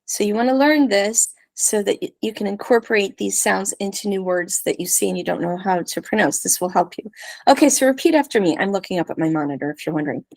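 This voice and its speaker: A woman teaching Spanish pronunciation, leading slow repeat-after-me drills of syllables and sentences. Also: medium pitch, lively intonation, a little mellow, no echo.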